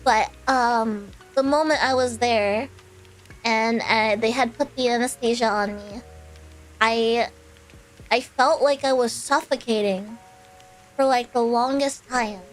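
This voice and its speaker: A woman with a high voice chats loosely with her stream audience, circling back and piling on fillers as she goes. Soft music plays faintly underneath. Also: steady tone, slow pace, rough recording. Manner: rambling, filler-heavy, with laughs between phrases. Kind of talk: casual storytelling chat.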